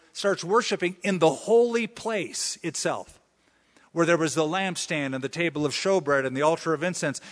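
A man's voice: high-pitched, fairly bright tone. A man preaching a sermon, who often acts out the voices of the people he quotes. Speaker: pastor. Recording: long hall reverb.

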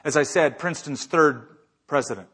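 Husky guy preaching hard, kinda high voice, lots of questions thrown at the crowd. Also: moderate pace, fairly bright tone. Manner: emphatic preaching with rhetorical questions. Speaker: pastor. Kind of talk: sermon.

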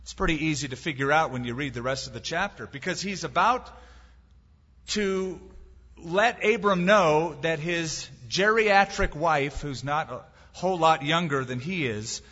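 Male preacher, fairly high and forceful voice, emphatic sermon delivery, muffled recording. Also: a little slow. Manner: emphatic preaching with rhetorical questions and dry humor. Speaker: pastor. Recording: dull sound with long hall reverb.

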